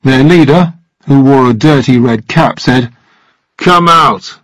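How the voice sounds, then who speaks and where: Husky man reading a story. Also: medium pitch, no room sound, poor audio. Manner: slow, even reading for language learners. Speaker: narrator. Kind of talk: scripted storybook narration.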